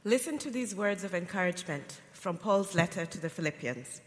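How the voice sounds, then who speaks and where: A man with an English accent reading scripture aloud in a measured, formal way. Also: high-pitched, expressive, fairly bright tone. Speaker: scripture reader. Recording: distant, reverberant church hall.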